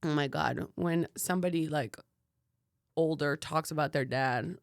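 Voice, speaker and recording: Woman podcast co-host, casual chat, lowish voice, dry close mic, animated storytelling. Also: a little slow, gravelly, no room sound. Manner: animated storytelling, many fillers, acts out quotes.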